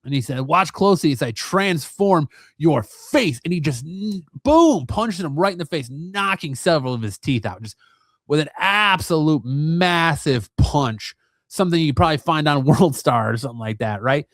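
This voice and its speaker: A man's voice: fairly high pitch, animated, moderate pace, no echo. A man in his thirties or forties, hosting a casual comic book recap with an enthusiastic, slangy way of talking. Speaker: comic book video host.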